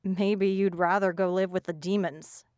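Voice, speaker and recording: A woman voices a cold teenage bully in a storybook who barks orders and sneers at everyone around her. Her voice is smooth and dry. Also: on the low side, fairly even intonation, normal speed, darkish tone, dry recording, lightly acted. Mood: sneering. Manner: sneering, commanding. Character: bullying teen girl, cold and bossy.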